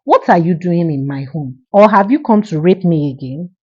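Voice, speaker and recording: A woman's voice: lowish voice, animated, normal speed, husky, highs cut off. A woman voicing a young wronged wife who speaks firmly and measuredly. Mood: angry.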